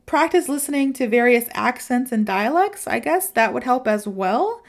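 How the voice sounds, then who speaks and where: Chatty American woman, slightly high voice. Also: moderate pace. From United States. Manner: chatty, speeds up when excited, frequent "you know". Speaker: podcast host. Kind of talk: casual podcast advice for English learners.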